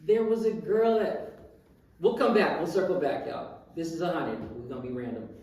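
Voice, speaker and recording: A young man co-hosting a podcast, telling stories in an animated, profane, casual way. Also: fairly high pitch, normal speed. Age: young adult. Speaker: podcast co-host. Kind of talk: casual chat. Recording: roomy, distant mic.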